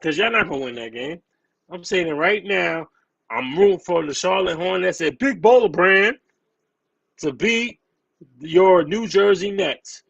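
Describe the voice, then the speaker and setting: A man, trash-talking in heated sports banter on a podcast. His voice sits somewhat high. He hammers points home by repeating himself. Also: expressive, a little slow, creaky, fairly bright tone, lo-fi sound. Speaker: podcast co-host.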